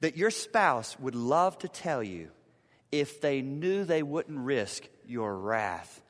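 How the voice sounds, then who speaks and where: A man's voice: medium pitch, very animated, slow, long reverb tail. A man preaching a sermon to his church, acting out the people he quotes in shifting voices. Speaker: pastor. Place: church sanctuary.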